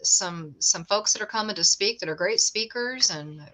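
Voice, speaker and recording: A woman's voice: medium pitch, animated, pushed and bright. A middle-aged woman, a guest, telling stories in a chatty, joking way. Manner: chatty storyteller, quick to joke. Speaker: guest, ghost tour owner. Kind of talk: casual chat.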